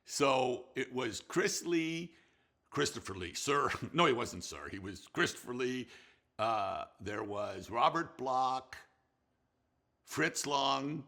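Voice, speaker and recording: An older man, a film director, telling anecdotes in an animated, laughing way with many restarts. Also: medium pitch, takes it slowly, gravelly. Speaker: film director recalling a colleague. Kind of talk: anecdotal storytelling.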